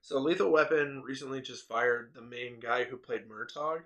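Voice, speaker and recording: A young man co-hosting a casual podcast, telling stories in an animated way, laughing often and swearing freely. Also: medium pitch, moderate pace. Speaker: podcast co-host. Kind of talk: casual chat.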